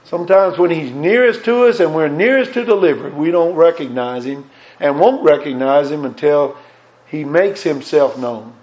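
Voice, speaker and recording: A man preaching a sermon, fervent and emphatic, repeating words and swinging between raised and hushed delivery. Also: on the high side, moderate pace, low-quality recording.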